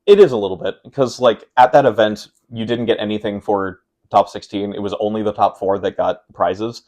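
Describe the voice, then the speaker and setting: A low-pitched young man talks through a card game turn by turn in a casual interview. He lays out each choice methodically, and his delivery livens up as he recounts a frustrating defeat. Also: normal speed. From Pacific Northwest of the United States. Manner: explains game plays step by step, animated when retelling frustration. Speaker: guest, tournament player.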